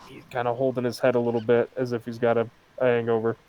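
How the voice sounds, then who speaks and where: A man narrating a tabletop game as game master, in a relaxed, laid-back way. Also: mid-range voice, quick pace, muffled recording, slight background noise.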